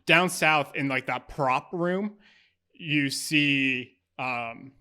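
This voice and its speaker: Bright-voiced man running a tabletop game. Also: a little high, drawn-out words, clear, resonant tone. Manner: descriptive, with many fillers. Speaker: game master.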